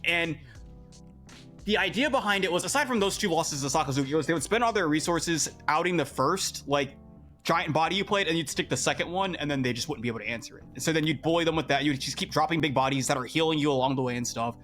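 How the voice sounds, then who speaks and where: A young man, a podcast guest, telling a story in casual chat, animated and exasperated, often repeating himself. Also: on the high side, quick pace, soft background music.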